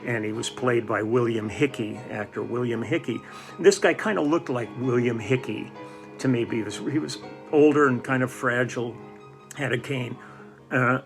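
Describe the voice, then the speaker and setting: A man's voice: mid-range voice, creaky. An older man telling stories in a casual, rambling way, with many fillers and restarts. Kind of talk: casual storytelling.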